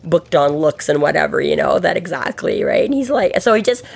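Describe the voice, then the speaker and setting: A woman with a low, gravelly voice chats casually on a book podcast. She rambles and slips into quoted lines from the characters. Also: lively intonation, brisk. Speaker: podcast co-host. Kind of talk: casual book-discussion chat.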